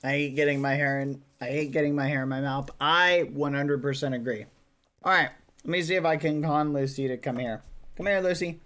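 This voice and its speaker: A man's voice: a little high, steady tone, fairly quick, a bit bright, slight background noise. A man streaming casually, chatting to viewers while coaxing his dog. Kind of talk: casual livestream chat.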